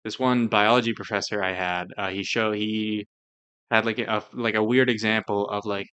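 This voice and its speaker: A man's voice: on the low side, fairly even intonation, normal speed, pushed and bright, smooth, muffled recording. Podcast co-host, male, loose and rambling, lots of filler words, chatty discussion. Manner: rambling, heavy with "like" and "you know".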